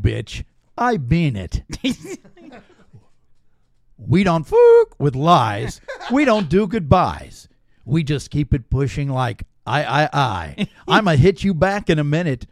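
Playful slow-rapping man. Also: on the high side, dry recording, clean studio sound. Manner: playful, laughs often mid-line. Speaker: show regular. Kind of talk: comedic rapping and casual chat.

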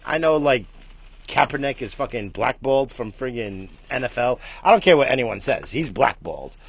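Husky-voiced swearing New man. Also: sing-song, moderate pace. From United States. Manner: rambling, swears a lot, chuckles, jumps between loud bursts and low mutters. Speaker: morning stream host. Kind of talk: casual profane morning vlog chat.

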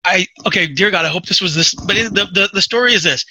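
A man hosting a podcast, chatting and telling stories in a quick, animated way. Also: high-pitched, a little hiss or hum, poor audio. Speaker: podcast host. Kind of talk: casual chat, storytelling.

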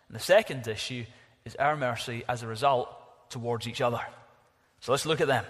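A man preaching a sermon, emphatic, telling stories in an animated way. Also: medium pitch, quick pace, big-room sound.

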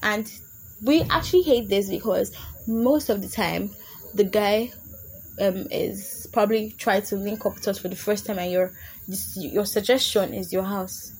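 A woman's voice: medium pitch, measured pace, darkish tone, slight background noise. A young adult woman hosting a casual comedic podcast, chatty and laughing often as she slips into put-on voices. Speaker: podcast host.

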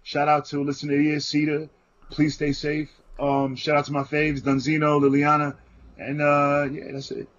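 Male podcast co-host, slightly high voice, loose and apologetic, lo-fi dull recording. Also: completely flat delivery, normal speed. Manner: apologetic, playful shout-outs. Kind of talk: casual group chat.

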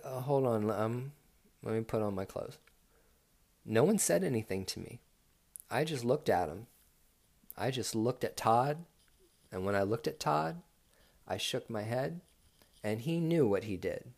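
A man's voice: on the low side, a little mellow. A man, a dancer, telling a story from his own life in a blunt, profane way. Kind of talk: casual storytelling.

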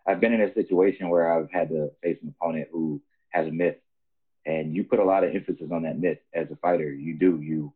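Deep husky guy on a phone-ish line, earnest podcast talk. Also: fairly even intonation, fairly quick, narrow, tinny audio. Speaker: guest fighter. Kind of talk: casual podcast chat.

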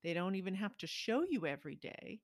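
A woman's voice: mid-range voice, animated, brisk, no room sound, clean studio sound. A woman host in a conversational interview, explaining things and affirming her guest.

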